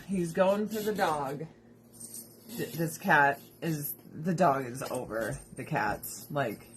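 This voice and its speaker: A woman's voice: mid-range voice, a little hiss or hum. A woman hosting a casual livestream from home, ranting bluntly with plenty of profanity. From United States. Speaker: livestream host. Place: at home with pets.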